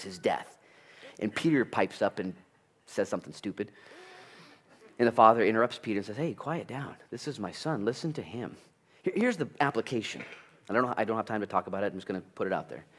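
A male pastor preaching a sermon in an animated, conversational way, with jokes, asides and sudden loud bursts. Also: mid-range voice. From United States.

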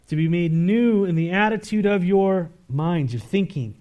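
A man preaching in a fairly high voice. He reads scripture aloud, then turns to the congregation with pointed rhetorical questions. His delivery swings between emphatic raised lines and low, hushed asides. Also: moderate pace, few pauses. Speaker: pastor. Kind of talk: sermon.

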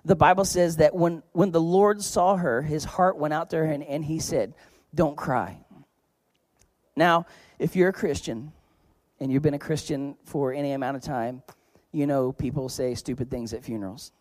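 A man with a fairly high voice preaches a sermon in a loose, conversational style. He tells stories with humor and hits certain words with sudden loud emphasis. The sound is close and dry. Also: steady tone, moderate pace, no room sound. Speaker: pastor. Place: church.

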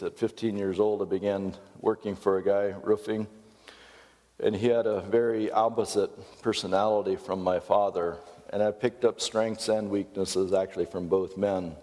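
A middle-aged American pastor giving a folksy, conversational sermon with storytelling asides. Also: male voice, low voice, mellow, big-room sound.

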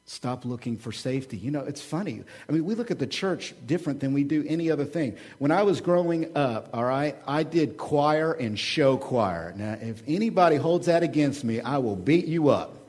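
A pastor from Oklahoma preaches in a slightly high voice. He moves between near-whispered asides and loud, animated bursts, joking as he goes. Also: normal speed, hardly any pauses. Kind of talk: sermon.

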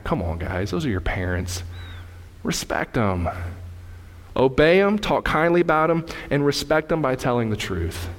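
A male pastor preaching a fervent sermon in a church, repeating his points and swinging between loud and soft. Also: medium pitch. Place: church sanctuary. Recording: echoey hall reverb.

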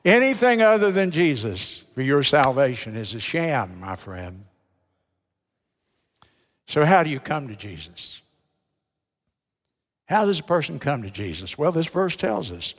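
A man's voice: medium pitch, big pitch swings, unhurried, long pauses, breathy edge. An older man preaching a folksy, emphatic sermon as a Baptist preacher, with rhetorical questions to the congregation. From United States. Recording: long hall reverb.

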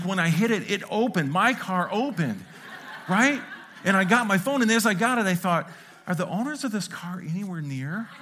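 A pastor with a high-sitting voice delivers a storytelling sermon in a church sanctuary. He's animated and self-mocking, acting out sounds as he tells his stories.

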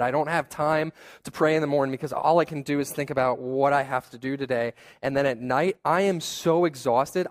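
A young man preaches in a relaxed, conversational way, mixing personal stories with quick asides. His voice sits a little high for a man. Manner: conversational, self-deprecating storytelling with asides. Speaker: pastor. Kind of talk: sermon.

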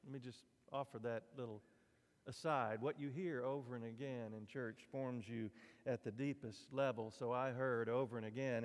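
A pastor delivers a sermon to his congregation in a relaxed, folksy, conversational style, often turning to the listeners with asides. His voice is at an ordinary middle pitch and normal speed. The long reverb of a church sanctuary surrounds the sound.

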